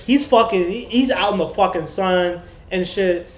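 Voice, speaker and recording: A man with a high, light voice chats loosely on a podcast, rambling through a profane story and slipping into the voices of the people he quotes. He sounds as though he is in a roomy space with a lot of echo. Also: moderate pace. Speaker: podcast co-host. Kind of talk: casual chat.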